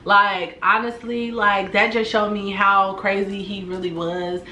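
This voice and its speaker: A woman telling a personal story to her viewers in a casual storytime vlog, animated and slangy, talking straight to the camera. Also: medium pitch, measured pace, a little hiss or hum. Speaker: storytime YouTuber. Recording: echoey room.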